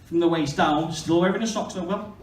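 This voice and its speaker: A man's voice: a little high, brisk, slight background noise. A man, doing a crude, self-mocking stand-up comedy set on stage. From Stoke-on-Trent, England. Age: 20s. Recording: echoey venue heard from far off.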